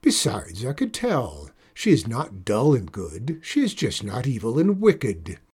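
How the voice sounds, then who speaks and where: A man reading a storybook and voicing a stern, snappish old female witch in a lowered, firm voice. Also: wildly swooping pitch, measured pace, a little mellow, slightly rough, full character voice.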